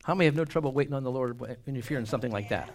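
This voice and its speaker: A man preaching a sermon at an even, middle pitch. He punctuates his points with humorous asides and calls for the congregation to answer. His delivery swings from loud exclamations to hushed whispers. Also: rapid-fire.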